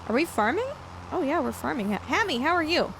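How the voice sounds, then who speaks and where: A woman game streamer with a somewhat high voice chats casually with her viewers. Her talk is loose and rambling, full of fillers as she works through answers. Faint noise sits under the voice. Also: animated, fairly quick, creaky, a bit bright. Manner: chatty, loose, lots of fillers while answering chat. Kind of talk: casual live-stream chat while gaming.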